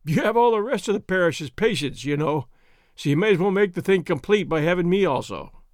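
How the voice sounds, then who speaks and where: A man's voice: high voice, expressive, fairly quick, dry recording. Man reading storybook country doctor, injured, proud, feeble, groaning, dry close sound.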